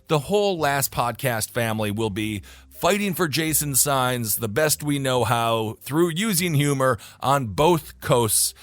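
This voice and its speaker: Animated upbeat man, podcast co-host. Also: medium pitch, a little slow, no echo. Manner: upbeat and animated, laughs often. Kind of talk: casual podcast chat.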